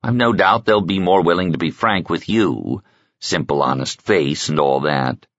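A man reading the part of a driven, brusque male lord investigator, brisk and wry in a commanding way. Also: sits low, a bit bright, no echo. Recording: dull lo-fi dry sound.

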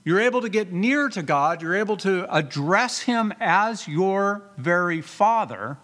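High-voiced pastor preaching in a reverberant hall. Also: male voice, lively intonation, a little slow, fairly bright tone. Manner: rhetorical questions, emphatic repetition, reads scripture aloud. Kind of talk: sermon.

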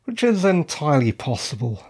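A man's voice: a little high, sing-song, moderate pace, darkish tone, slightly rough. A man from the UK hosting his own podcast, talking casually with wry asides, his voice cracking slightly. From United Kingdom. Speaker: podcast host. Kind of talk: casual solo podcast talk.

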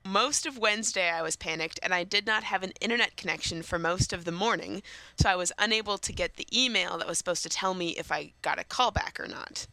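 A young woman co-hosting a casual chat show, talkative and quick to laugh, often restarting her sentences. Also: fairly low pitch, bright, forceful tone, no room sound. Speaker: co-host.

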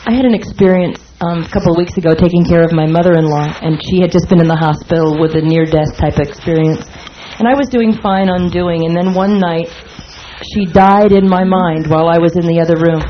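A woman shares a personal experience with a workshop group, earnest and emotional. Her voice sits somewhat low. The recording is dull and lo-fi, with a faint hiss behind her. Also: steady tone, a little fast. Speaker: workshop participant. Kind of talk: personal account. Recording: dull lo-fi sound with faint noise.

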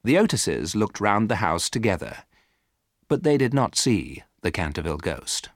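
A man reading a storybook aloud for learners, in a clear, deliberate way. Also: sits low, big pitch swings, no room sound, clean studio sound. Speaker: narrator.

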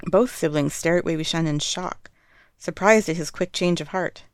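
Audiobook narrator, fan fiction reading, even and measured, mid pitch, dry sound. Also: no echo. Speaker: audiobook reader.

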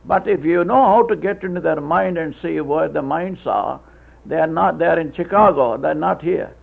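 A man preaching a sermon, with halting restarts, telling stories and acting out voices. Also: a little high. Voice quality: gravelly, husky. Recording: tinny phone-like old tape.

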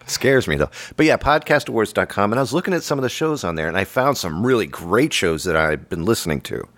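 Lively low-voiced man hosting a podcast. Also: fast, no echo. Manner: jokey and playful. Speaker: podcast host. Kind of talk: casual podcast banter.

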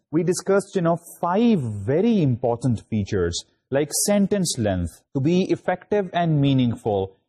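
A man with a Pakistani English accent giving a university grammar lecture, halting, with many fillers and restarts. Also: medium pitch, mellow. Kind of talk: recorded lecture recap.

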